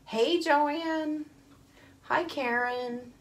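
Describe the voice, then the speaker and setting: Woman doing a live card making stream, talks slow and friendly, says hi to everyone by name. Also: sits high. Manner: chatty, greets viewers by name; cheerful, apologetic asides. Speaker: paper craft host. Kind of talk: live-streamed craft tutorial.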